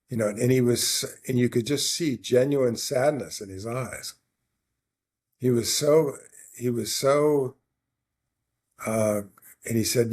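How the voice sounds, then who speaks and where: Guy with a husky voice rambling through a story on a podcast, lots of restarts. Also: mid-range voice, measured pace, long pauses, a little mellow. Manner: rambling anecdote with many restarts and quoted dialogue. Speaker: podcast co-host. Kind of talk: casual conversation, storytelling.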